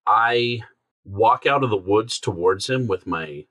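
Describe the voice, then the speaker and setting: A man's voice: lowish voice, unhurried, a bit bright. A man playing a tabletop game, hesitant and full of fillers as he thinks aloud. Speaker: player. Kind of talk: casual tabletop play.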